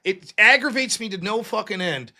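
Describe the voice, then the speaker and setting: A man's voice: sits high, lively intonation, moderate pace, crowd noise. A young man hosting a live debate stream, talking casually and profanely, telling stories and mocking others' voices.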